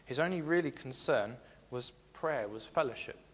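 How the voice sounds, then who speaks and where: A man's voice: mid-range voice, animated, normal speed, in a large hall. A man giving a sermon, earnest and repeating his key phrases as he reads scripture aloud. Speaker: preacher.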